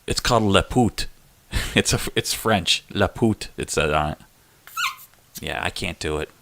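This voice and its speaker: A male live stream host chats casually with his viewers. He has a lowish voice with a bright, forceful edge. He jokes around and laughs often as he answers the chat. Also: unhurried, creaky. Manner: chatty and joking, laughs often.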